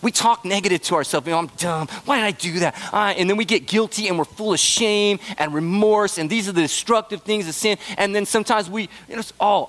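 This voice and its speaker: A man preaching a sermon in a high voice. He talks earnestly and emphatically, climbing into excited bursts and then falling back to soft, low asides. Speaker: pastor.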